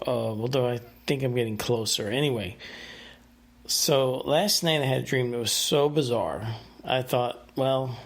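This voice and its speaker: Man, solo podcast host, mid-pitched, casual and rambling, lots of ums and restarts. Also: a little slow. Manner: rambling, hesitant, many fillers and restarts.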